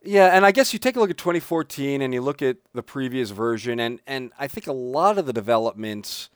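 A man, a colorist and trainer, speaking frankly and a bit haltingly in a podcast chat. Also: mid-range voice, animated, clean tone, no room sound, clean studio sound. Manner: frank, hesitant, restarts his sentences. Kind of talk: casual podcast discussion.

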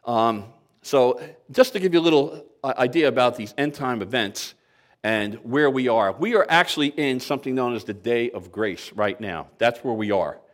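A man's voice: medium pitch, lively intonation, normal speed. A man in his sixties preaching a sermon to a congregation, conversational and lightly humorous, asking the listeners rhetorical questions. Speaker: pastor.

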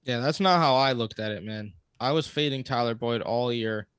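A man's voice: medium pitch, moderate pace, fairly bright tone, smooth, no room sound, studio quality. A man co-hosting a fantasy football podcast, joking in an offhand, casual way. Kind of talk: casual sports chat.

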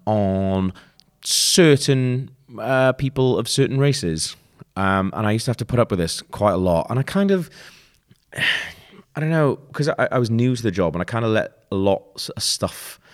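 Low-voiced young podcast host, casual solo storytelling, laid-back and sweary. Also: male voice.

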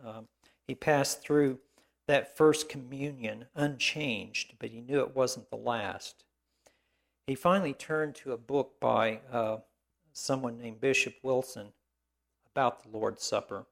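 A man preaching a biographical sermon, halting often with fillers and restarts and slipping in dry asides. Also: mid-range voice, creaky.

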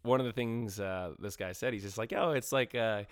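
A man co-hosting a casual movie review podcast, rambling and animated, full of fillers and the odd swear. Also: lowish voice, a little fast, clear, resonant tone, no room sound, studio quality. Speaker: podcast co-host.

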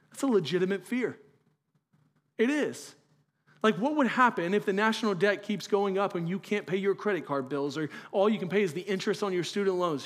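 Male pastor, high-pitched voice, earnest conversational sermon, rhetorical questions.

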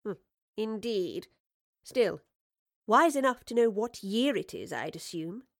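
A woman voicing an eccentric, brisk female professor in an audiobook. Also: medium pitch, expressive, vocal fry, no room sound, clean studio sound.

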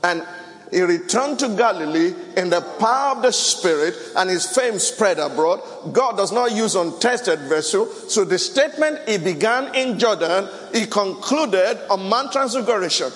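Preacher with a high voice. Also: male voice, lively intonation, normal speed, fairly bright tone, in a large hall. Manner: preaching with Bible reading, asides and bursts of song. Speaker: pastor. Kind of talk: sermon. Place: church worship service.

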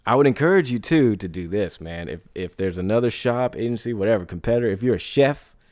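A man's voice: lowish voice, lively intonation, fast, darkish tone, no echo, clean studio sound. A man hosting a podcast who talks casually, often asking "right?" and laughing as he goes. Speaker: podcast host. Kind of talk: casual solo podcast talk.

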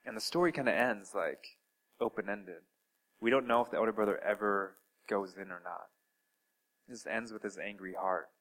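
A man preaching a sermon in an earnest way, asking his listeners direct questions and swinging between loud and soft. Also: on the low side, moderate pace, poor audio. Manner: earnest, with wide swings in loudness.

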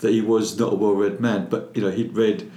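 A man's voice: on the low side, a little fast, a little hiss or hum. An older man from London with a Cockney accent, a filmmaker telling stories as an interview guest. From London, England. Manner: animated storyteller, repeats words when starting. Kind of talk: casual interview chat. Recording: roomy echo.

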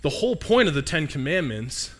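A man's voice: on the high side, very animated, a little fast, fairly bright tone. A young man preaching a casual, conversational sermon and asking the congregation questions. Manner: conversational, asks the congregation questions, jokes with listeners. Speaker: pastor.

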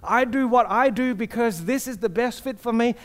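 A man's voice: very high voice, moderate pace. A male pastor preaching an earnest, personal sermon, asking the congregation rhetorical questions.

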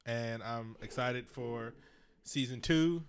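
A man co-hosting a podcast in casual chat, animated and laughing, swearing freely. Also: mid-range voice, slow, slight background noise. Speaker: podcast co-host.

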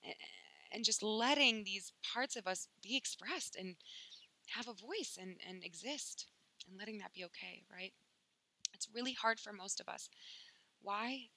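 Woman, spiritual teacher, bright tone, emphatic and casual, swears freely. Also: mid-range voice, a little slow, poor audio. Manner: emphatic, swears casually, acts out inner voices.

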